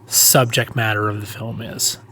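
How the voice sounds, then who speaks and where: A man's voice: fairly low pitch, little pitch movement, sharp tone. A man co-hosting a podcast in a casual movie chat, talkative and playful. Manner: chatty, playful, quick to joke. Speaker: podcast co-host. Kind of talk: casual film discussion.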